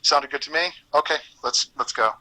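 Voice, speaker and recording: A man's voice: on the high side, moderate pace, low-quality recording. A man, a former voice actor, casually telling stories in an interview, laughing often and acting out quoted lines. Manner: animated, laughs often, acts out quoted dialogue.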